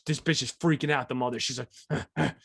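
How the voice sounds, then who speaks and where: A man co-hosting a podcast, telling stories in a casual, profane, animated way. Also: mid-range voice, brisk, vocal fry, husky, dry recording, studio quality. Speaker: podcast co-host. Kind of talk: casual chat.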